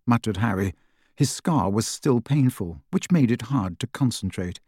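Measured male audiobook narrator. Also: medium pitch, lively intonation, a little mellow, slightly rough, no echo, studio quality. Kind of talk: scripted narration.

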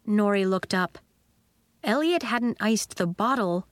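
A woman reads a children's novel aloud in an expressive storytelling way. Her pitch moves a great deal, giving the story bounce. The recording is dry and close, with no room sound. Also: slow, no echo. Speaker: audiobook narrator. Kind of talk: children's book narration.

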